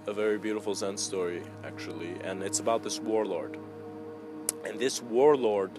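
A man delivers a meditative spiritual lecture at an unhurried, reflective pace. His voice sits at an ordinary middle pitch. Music plays clearly behind him throughout. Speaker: spiritual teacher.

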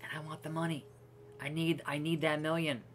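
A man's voice: a little high, little pitch movement, brisk, a bit bright, slight background noise. A man streaming a park-building game, ranting profanely and exasperated with many restarts. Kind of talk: casual gameplay commentary.

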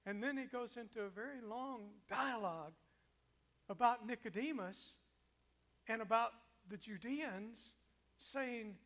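Guy preaching a sermon in a church, high bright voice, dramatic, goes loud then hushed. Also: normal speed. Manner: dramatic, swings between loud declaiming and soft hush.

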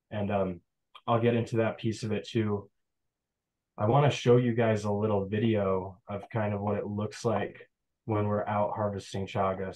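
Poor audio carries the lowish, darkish voice of a young forager from New York's Adirondacks. He gives a casual online talk by video call, rambling and chatty as he tells stories.

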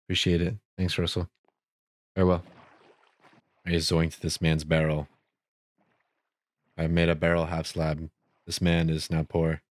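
This young man's Minecraft let's-play has him talking to himself, joking, gasping and getting startled easily as he plays survival for his gaming channel. His low voice is monotone and measured, broken by long pauses, with no echo in the recording.

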